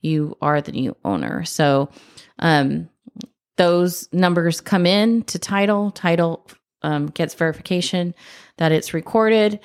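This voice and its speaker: Lower-voiced woman explaining in brisk bursts. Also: expressive. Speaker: podcast co-host, escrow professional. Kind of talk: explanatory podcast chat.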